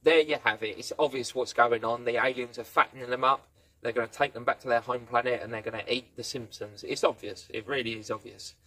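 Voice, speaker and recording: A man's voice: mid-range voice, little pitch movement, a little fast, bright, forceful tone. A man giving a casual spoken review, rambling through the plot and playfully acting out quoted lines. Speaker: film and TV reviewer.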